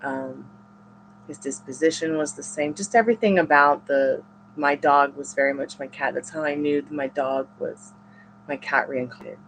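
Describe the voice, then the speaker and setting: A woman reading tarot on a live stream, chatting casually with viewers and rambling in halting, restarting sentences. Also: deep voice, a bit bright, a little hiss or hum.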